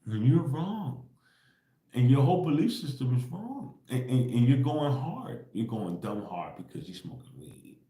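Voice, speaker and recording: This man's livestream is a casual spiritual rant: insistent, repetitive, full of slang and swearing, with laughter between points and "right?" tacked onto most of them. His dark, medium-pitched voice is very animated, moving at a moderate pace with few pauses, and the sound is reverberant.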